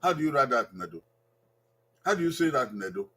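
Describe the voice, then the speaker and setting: A man's voice: medium pitch, very animated, brisk, fairly bright tone, husky. A man, teaching an Edo language lesson at an evening cultural gathering. He drills phrases and asks the learners to repeat them.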